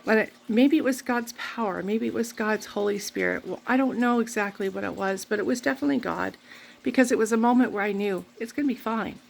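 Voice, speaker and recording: A woman's voice: fairly high pitch, brisk, gravelly. A woman vlogging, telling a rambling, candid personal story full of faith talk. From Canada.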